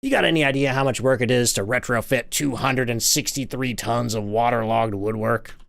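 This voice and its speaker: A man voicing a gruff, fed-up middle-aged male foreman who swears and complains loudly in a game. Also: mid-range voice, normal speed. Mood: irritated.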